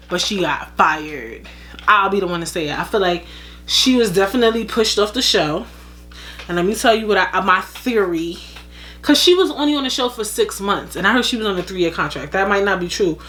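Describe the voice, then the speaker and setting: A woman vlogger giving casual gossip commentary, animated, blunt and profane. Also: medium pitch.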